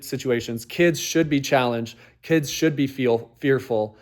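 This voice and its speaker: A man hosting a podcast, talking earnestly about parenting in a reflective monologue, full of rhetorical questions and "like" fillers. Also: mid-range voice. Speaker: podcast host.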